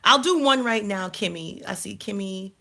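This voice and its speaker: A woman's voice: mid-range voice, expressive, normal speed, gravelly, pushed and bright. A woman hosting a casual live stream, chatting and thinking aloud while she fumbles through her channel settings. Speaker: life coach and channel host.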